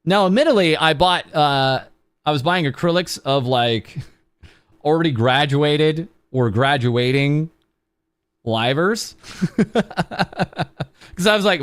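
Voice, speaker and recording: A young man streams as a VTuber for charity, chatting casually in a rambling, self-mocking way full of ums and uhs. He speaks slowly with long pauses, in a smooth, somewhat bright voice on the high side, with no room sound.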